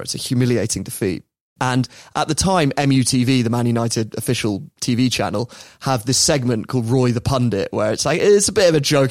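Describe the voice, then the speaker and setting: A man's voice: mid-range voice, a little mellow, dry recording, studio quality. A man, hosting a casual podcast chat, telling a sports story with laughs and put-on voices for quotes. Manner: chatty, laughs often, puts on voices for quotes. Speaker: podcast host.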